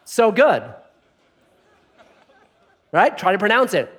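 A male pastor giving a sermon, telling stories with humor and dropping soft for prayerful points. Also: high-pitched, takes it slowly, husky. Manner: animated storytelling with jokes.

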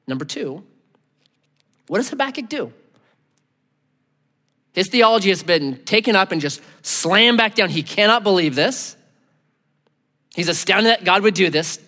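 Animated preacher with a bright voice. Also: male voice, high-pitched, a little slow, pauses often, in a large hall. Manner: animated, acts out voices in quotes. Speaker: pastor. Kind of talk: sermon.

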